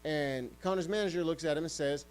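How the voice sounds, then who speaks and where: A man's voice: on the high side, a little fast, smooth, low-quality recording. A man hosting a sports podcast, ranting heatedly and swearing often. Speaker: podcast host.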